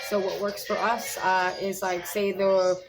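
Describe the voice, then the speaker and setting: A woman's voice: mid-range voice, level tone, a little slow, over music, low-quality recording. A young woman giving casual advice as a parent, talking in a rambling way with many fillers and restarts. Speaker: parent sharing speech tips.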